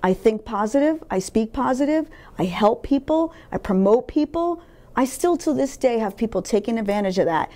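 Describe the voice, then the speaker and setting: A woman's voice: on the high side, lively intonation, normal speed, dark tone. A middle-aged woman talking candidly in an interview, emphatic and blunt, swearing freely as she tells her life story. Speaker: interview guest.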